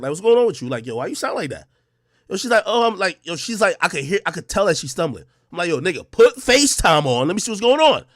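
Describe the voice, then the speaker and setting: A man's voice: sits high, a bit bright, no echo, clean studio sound. A man streaming live, telling a story to his chat in casual, profane slang and acting out the dialogue.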